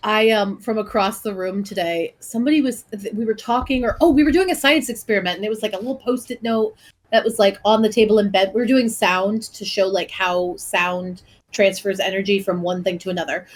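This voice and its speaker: A woman's voice: mid-range voice, fairly even intonation. Chatty young woman podcast co-host. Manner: chatty, quick asides, laughs often. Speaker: teacher. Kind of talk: casual chat.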